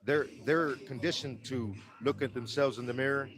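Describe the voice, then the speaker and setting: A man with a Texan accent giving earnest, halting answers in a street interview, often restarting his words. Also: medium pitch, a bit bright, poor audio.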